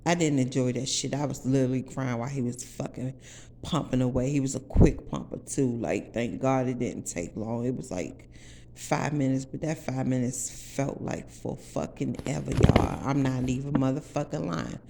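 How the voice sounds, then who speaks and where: A woman's voice: a bass voice, normal speed, vocal fry, mellow. A woman in her forties from the Washington DC area, telling her story to viewers in a blunt, profane, emphatic way. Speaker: vlogger.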